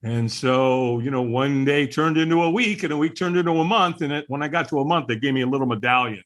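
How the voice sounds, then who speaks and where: A man's voice: medium pitch, fast talker, fairly bright tone. A middle-aged man, a podcast guest, candidly telling his personal story in conversation, earnest and chuckling now and then.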